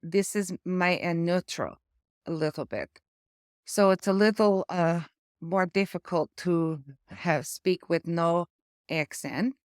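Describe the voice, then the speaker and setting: A memoir vlogger with an Eastern European accent talks casually while living with aphasia after a stroke, halting, searching for words, and stuttering slightly. Her voice is lowish and smooth, recorded dry at studio quality.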